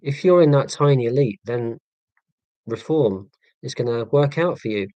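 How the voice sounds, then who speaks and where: A man's voice: medium pitch, lively intonation, normal speed, warm tone, dry recording, dull audio. A man in his forties from northeast Scotland, hosting a casual live stream and chatting through viewer comments in a rambling, self-deprecating way with many ums and restarts. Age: 40s. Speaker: livestream host.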